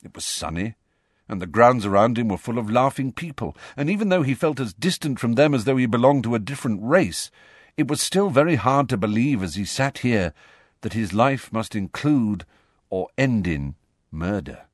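The voice belongs to a man of medium pitch narrating an audiobook from a script, measured yet expressive in his reading. The recording is dry and of studio quality.

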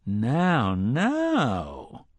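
A man voicing a mocking, sinister male sorcerer in an audiobook, with theatrical, drawn-out taunts. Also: medium pitch, wildly swooping pitch, no room sound, exaggerated voice. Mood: taunting. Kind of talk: audiobook character voice.

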